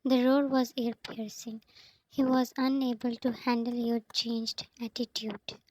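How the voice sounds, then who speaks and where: A woman reading a fanfiction story aloud, announcing each speaker's name before their lines. She goes at an unhurried, slow pace in a fairly high voice. Her delivery stays level, with little rise and fall. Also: flat delivery, darkish tone, dry recording, low-quality recording. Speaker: fanfiction reader.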